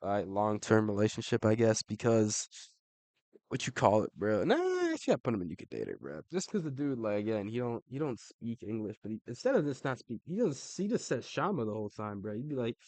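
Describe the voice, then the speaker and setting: A man's voice: lowish voice, very animated, fairly quick, darkish tone, no room sound. A man giving casual, slangy commentary as a YouTuber ranking fighters, laid-back and saying "bro" a lot.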